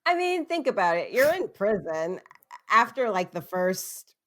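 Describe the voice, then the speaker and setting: A woman's voice: mid-range voice, sing-song, unhurried, a bit bright. A young woman hosting a podcast, telling spooky tales in a casual, self-deprecating way and laughing often mid-sentence. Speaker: podcast host. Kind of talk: casual storytelling chat.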